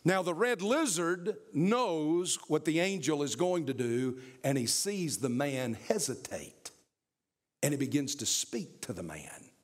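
A man's voice: on the high side, animated, unhurried. A man preaching a sermon, emphatic and repetitive, speaking directly to his congregation.

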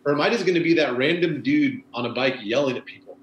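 A man's voice: on the high side, quick pace, echoey room, slight background noise, poor audio. A man, a former bike messenger, chatting casually and rambling with lots of fillers. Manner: rambling, laid-back, many fillers like "you know". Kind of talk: casual conversation.

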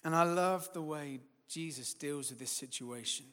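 High bright preacher in a reverberant hall. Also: male voice, moderate pace. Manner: animated, building to loud emphatic peaks then dropping quiet. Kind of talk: sermon.

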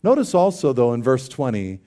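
A man's voice: mid-range voice, very animated, moderate pace, mellow. A man preaching a sermon as a pastor. He speaks in an earnest, conversational way, tells stories with humor and acted-out dialogue, and builds to emphatic declarations.

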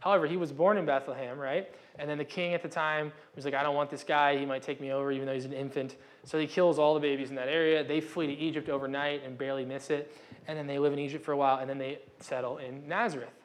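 Young male pastor, casual conversational sermon, slightly higher voice, self-interrupting, acts out the dialogue. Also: level tone, quick pace.

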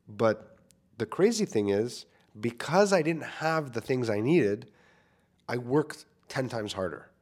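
A man's voice: medium pitch, animated, slow, darkish tone. A young man, a filmmaker, talking casually into a microphone to his listeners, candid and self-deprecating, swearing freely. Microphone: studio microphone.

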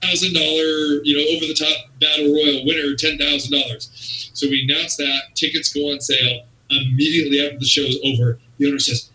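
Man, casual storyteller, very bright tone, echoey room, sits back from the mic. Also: fairly high pitch, flat delivery, brisk, far from the mic. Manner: rambling, repeats "you know" and "again". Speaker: guest.

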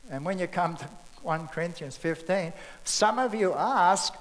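A man's voice: sits high, a little slow, long reverb tail, rough recording. A man preaching a sermon in a loose, conversational way, acting out bits of scripture dialogue.

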